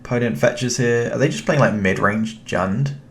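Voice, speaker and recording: A man's voice: mid-range voice, moderate pace. A young British man casually commentating his own card game, thinking aloud and chatting to his opponent.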